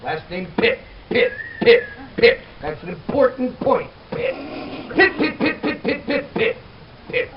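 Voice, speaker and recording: A middle-aged man doing stand-up comedy for a festival crowd, animated and shouting out names. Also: extremely high pitch, unhurried, muffled recording. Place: outdoor festival stage. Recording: distant crowd-noise camera audio.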